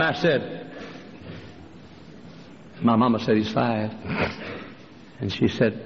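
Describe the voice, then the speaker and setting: Gravelly preacher in a big hall. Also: male voice, slow pace, pauses often. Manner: fiery preacher, jumps to a high strained voice for quoted women. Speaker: pastor. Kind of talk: sermon with acted-out stories. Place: large church. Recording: dull, hall reverb, faint noise.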